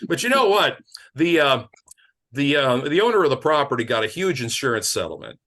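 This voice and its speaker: A man from Detroit doing a rambling stand-up set, animated and laughing at his own jokes. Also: mid-range voice, fairly quick. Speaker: stand-up comedian.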